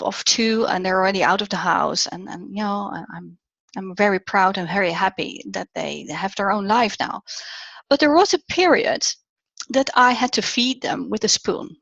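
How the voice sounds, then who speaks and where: A woman's voice: medium pitch, moderate pace, gravelly, dry recording. Dutch-accented woman coaching, dull dry sound. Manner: animated, drops to near whispers for emphasis. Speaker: public speaking coach. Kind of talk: online talk. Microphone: video call. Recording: dull, dry online audio.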